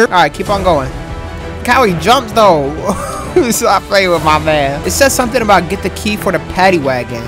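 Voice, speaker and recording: A woman hosting a gameplay video, loud and excitable, laughing and cursing as she plays. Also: fairly low pitch, moderate pace. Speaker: gaming video host. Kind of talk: gameplay commentary. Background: game music.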